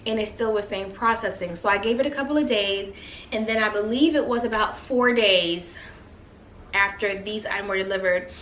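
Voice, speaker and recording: A woman's voice: medium pitch, moderate pace, fairly bright tone. A woman chatting casually to her viewers in a home vlog, gushing and talkative, recorded by a camera on a bedroom floor. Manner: chatty, gushing, addresses viewers as you guys. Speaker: lifestyle vlogger. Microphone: camera on the floor at eye level. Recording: echoey room with faint hum.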